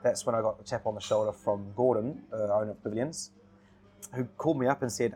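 A man in a casual podcast chat, telling work stories with easy laughter. He talks in a relaxed way, often repeating his words as he goes. His voice sits at an everyday middle pitch. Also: moderate pace, husky. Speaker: podcast guest.

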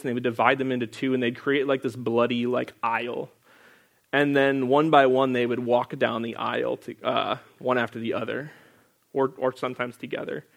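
A young man with a medium-pitched, gravelly voice leads a casual Bible study. He reads scripture aloud, then explains it in a loose, chatty way packed with filler words.

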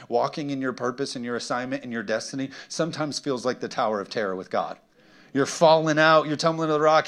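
A middle-aged man preaching a sermon to his congregation, energetic and humorous, often asking the room for an amen. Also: mid-range voice. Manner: energetic preaching with call-and-response questions and humor. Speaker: pastor. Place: church sanctuary with congregation.

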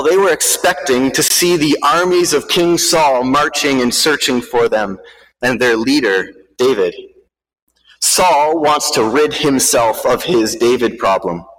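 A man's voice: mid-range voice, fairly bright tone, long reverb tail, rough recording. Man telling a dramatic story in a sermon. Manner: vivid, measured storytelling. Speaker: preacher.

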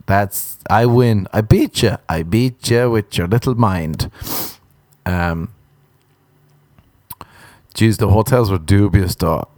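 An Irish man telling a comic story in a casual, sardonic way, with profanity and deadpan understatement. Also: lowish voice, slow pace, pauses often, dry recording. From Ireland. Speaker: comedian.

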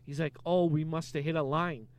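A young Canadian man co-hosts a laid-back comedy podcast, riffing with a friend in a car. His voice sits a little high and moves at a moderate pace, animated and joking as he pokes fun at himself.

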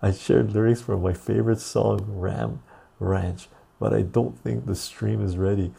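This man's lowish, steady voice carries an ASMR live stream where he softly reads viewers' song lyrics. He goes slow and quiet, and his voice roughens and cracks along the way.

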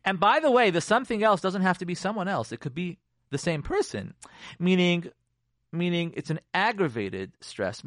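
A man talks through marriage advice like a radio therapist, his pitch riding a little high and jumping around with lively swings. He repeats his points for emphasis and slips Hebrew terms into his talk. The sound is dry and close, with no room around it. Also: no echo. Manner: animated, repetitive, sprinkles Hebrew terms.

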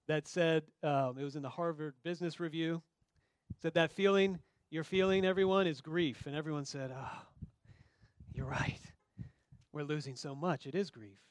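A man with a fairly high voice preaches a sermon, talking to the congregation as if in conversation. He acts out the voices of the people in the story. The sound is dry, with no echo around him. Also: clean tone. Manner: conversational, acts out quoted dialogue. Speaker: pastor.

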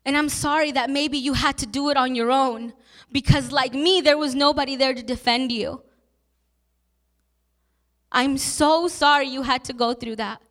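Earnest high-voiced woman preaching. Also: fairly even intonation, moderate pace, fairly bright tone. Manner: personal storytelling, emotional and earnest. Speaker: pastor. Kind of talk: sermon.

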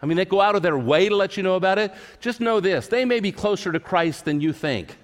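Earnest pastor in a reverberant hall. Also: male voice, high-pitched, animated, quick pace. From California. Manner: earnest, repeats words, asks the listeners questions. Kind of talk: sermon. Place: church service.

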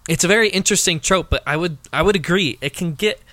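A man's voice: high-pitched, fast talker, bright, forceful tone, no room sound. A man co-hosting a casual video game discussion, talking in a hesitant way with many fillers and restarts.

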